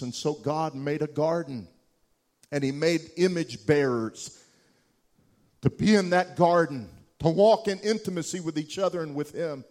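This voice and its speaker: Impassioned preacher, a fairly high-voiced man. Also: measured pace. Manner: impassioned, building to loud emphatic peaks; repeats key words for emphasis. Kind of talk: sermon with storytelling.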